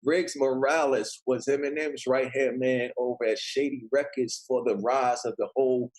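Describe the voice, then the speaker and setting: Husky New man telling a story. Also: medium pitch, normal speed, rough recording. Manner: animated, acts out quoted voices. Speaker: guest storyteller. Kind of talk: casual storytelling.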